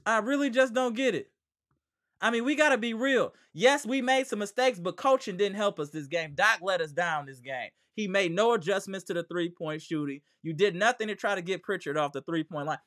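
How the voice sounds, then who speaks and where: Guy hosting a live hoops fan stream, bright voice, ranting and slangy, swings loud and low. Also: a little fast. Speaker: sports podcast host.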